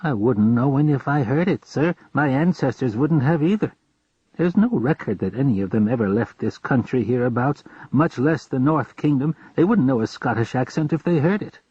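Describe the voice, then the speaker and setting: A man's voice: mid-range voice, expressive, moderate pace, darkish tone, husky, no room sound. A man voicing a friendly, talkative old farmer who speaks in an earnest, rambling way. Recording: dull lo-fi recording.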